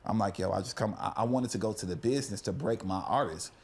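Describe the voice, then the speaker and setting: A man's voice: quick pace, slightly rough. A middle-aged man, a music producer telling stories in a casual, profane interview, acting out other people's lines. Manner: animated, profane storytelling, acts out quotes in a high voice.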